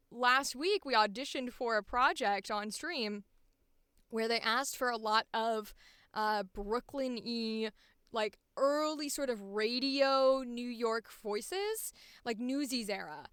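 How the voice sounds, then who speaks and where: A woman's voice: a little high, sharp tone, smooth, no echo, studio quality. A young woman, a voice actor, chatting casually and bubbly on a livestream, rambling and laughing often. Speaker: voice actor streamer.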